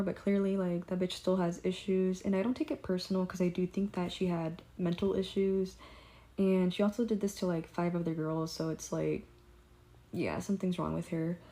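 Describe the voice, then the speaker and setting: A young woman telling a story in a casual vlog, blunt and profane, acting out quotes as she goes. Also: lowish voice. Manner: blunt, profane, animated retelling with quoted asides. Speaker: vlogger.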